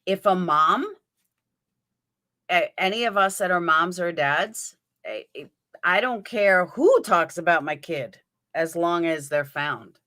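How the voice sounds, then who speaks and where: A woman with a New York accent hosts a casual livestream and talks straight to her chat. Her voice sits a little low, with a bright, tense edge. She thinks out loud and answers viewers by name as she goes. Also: lively intonation, slow. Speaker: livestream host. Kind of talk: live chat commentary.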